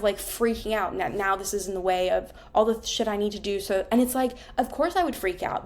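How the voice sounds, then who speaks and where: A therapist in her thirties talks candidly and emotionally about her own life in a reflective personal monologue, swearing often. Her voice is fairly high and a little mellow.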